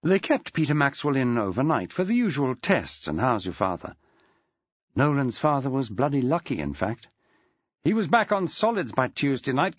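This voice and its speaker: A man's voice: fairly high pitch, dry recording, muffled recording. A man narrating an audiobook in a dry, wry storytelling manner. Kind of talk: scripted narration.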